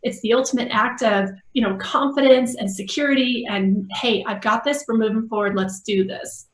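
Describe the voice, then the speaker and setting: A woman's voice: on the high side, fairly even intonation, moderate pace, echoey room, a little hiss or hum, poor audio. A woman, a veteran and former officer, speaking enthusiastically and emphatically in an interview. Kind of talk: remote interview.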